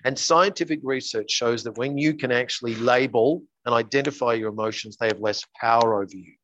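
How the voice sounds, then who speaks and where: As an interview guest, a coach earnestly shares stories and plays out the dialogue, speaking briskly in a medium-pitched, fairly bright voice. The recording is dry and muffled.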